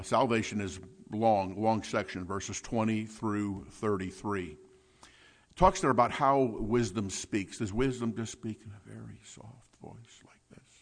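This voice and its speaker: A man preaching a sermon as a pastor, teaching from scripture with repeated words and shifts between soft asides and louder points. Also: fairly low pitch.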